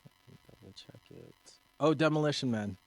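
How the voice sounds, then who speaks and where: A man co-hosting a casual podcast, relaxed and a bit hesitant, telling a personal story. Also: mid-range voice, normal speed, gravelly, faint music behind, rough recording. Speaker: podcast co-host, martial arts instructor.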